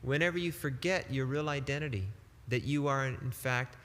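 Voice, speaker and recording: A man giving a devotional sermon as a spiritual teacher, emphatic and deliberate, with casual turns of phrase. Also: mid-range voice, a bit bright, long reverb tail.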